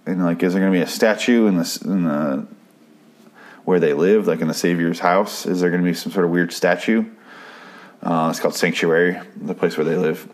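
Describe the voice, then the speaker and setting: A man's voice: sits low, steady tone, a little fast. A man hosting a podcast, recapping a TV episode in a casual, profane, rambling way, often stopping and restarting his sentences. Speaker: podcast host.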